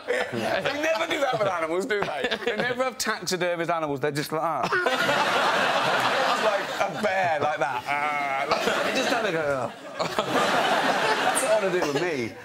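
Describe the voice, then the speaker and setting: A man telling comic stories as a talk show guest and breaking into frequent loud laughter. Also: sits high, sing-song, moderate pace, very noisy. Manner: laughs often and loudly through his own stories. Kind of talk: comic anecdotes on a chat show.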